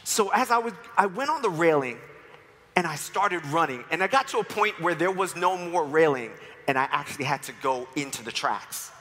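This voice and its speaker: A man in his forties from New York preaches to a congregation, weaving personal stories with playful humor. His voice sits a bit high and rings bright and forceful. The sound trails off in the long reverb of a church hall. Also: animated, normal speed, slight background noise. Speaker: church speaker. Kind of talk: sermon with personal testimony. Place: church sanctuary.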